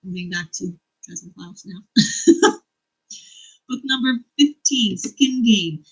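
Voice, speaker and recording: A woman's voice: mid-range voice, lively intonation, takes it slowly, slightly rough, poor audio. A woman vlogger chatting casually about a book series, enthusiastic, cursing freely and laughing often. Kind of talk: casual chat about books.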